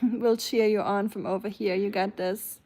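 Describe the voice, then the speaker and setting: A woman's voice: mid-range voice, steady tone, moderate pace, darkish tone. A woman from Germany with a German accent, chatting casually on a live stream and answering her chat's comments.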